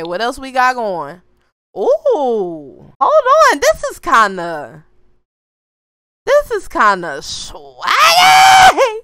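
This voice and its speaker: A woman's voice: medium pitch, smooth, no echo. A young woman giving casual, slangy commentary to viewers while playing a life-sim game. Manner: animated, slangy, talks to viewers while choosing outfits. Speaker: gaming YouTuber.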